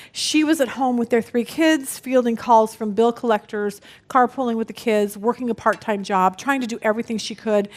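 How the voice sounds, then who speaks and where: A woman in her forties teaching a women's Bible study, telling stories with lively energy and acting out the people in them. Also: a little high. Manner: lively storytelling, acts out quoted people.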